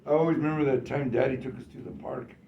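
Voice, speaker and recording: A man telling family stories in an animated way, laughing and acting out what others said. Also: mid-range voice, very fast. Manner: animated, laughing, acts out quotes. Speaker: storyteller. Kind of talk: family storytelling. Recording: far, echoey, muffled and noisy.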